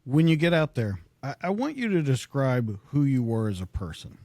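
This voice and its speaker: A man's voice: medium pitch, sing-song, normal speed, a little mellow, dry recording, clean studio sound. A man hosting a podcast asks his guest probing, repeated questions. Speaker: podcast host. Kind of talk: interview questions.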